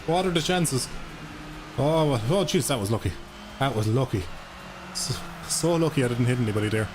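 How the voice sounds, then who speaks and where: A man's voice: mid-range voice, expressive, normal speed, background noise. A young Irish man chatting casually and swearing freely to his viewers while he plays a racing game live. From Ireland. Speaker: gaming streamer. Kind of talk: casual live-stream commentary while playing. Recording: game music and engine sounds behind. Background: racing game music and car engines.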